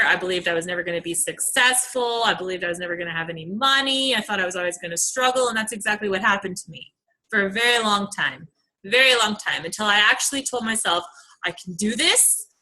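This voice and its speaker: Young woman coach, bright voice, earnest and chatty on a team call. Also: mid-range voice, fast, low-quality recording. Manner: earnest, chatty, many fillers. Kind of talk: motivational team call talk.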